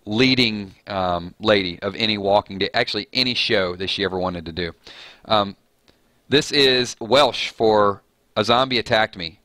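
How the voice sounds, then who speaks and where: Bright, chatty Southern man. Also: medium pitch, dry recording. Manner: chatty, reads viewer comments aloud, joking and self-mocking. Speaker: live chat host. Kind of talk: casual live-stream chat.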